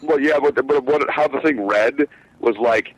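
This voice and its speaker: A man's voice: mid-range voice, a little slow, dry recording, lo-fi sound. A man who drives trucks, telling a rambling, profane story in casual podcast chat, with lots of fillers. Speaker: truck driver, show regular.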